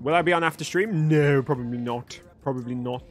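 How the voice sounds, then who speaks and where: A man's voice: medium pitch, a little fast, soft background music. A young man chatting live with his viewers while gaming, joking and swearing freely. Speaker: livestreamer. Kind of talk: live gaming stream chat.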